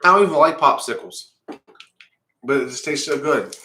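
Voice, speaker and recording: A man's voice: fairly high pitch, pushed and bright, reverberant. A male vlogger reacting on camera with a burning mouth, short of breath and groaning in pain. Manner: pained, groaning, slow-spoken. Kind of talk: reacting on camera to a hot pepper.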